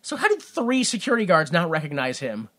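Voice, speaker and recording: A man with a bright, fairly high voice talks through a movie's plot in loose, jokey podcast chat. He rambles and restarts, then jumps into quick imitations of the characters. His delivery stays easygoing and irreverent. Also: wildly swooping pitch. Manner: rambling, jokey retelling with put-on quotes. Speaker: podcast co-host recapping a film. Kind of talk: casual comedic chat.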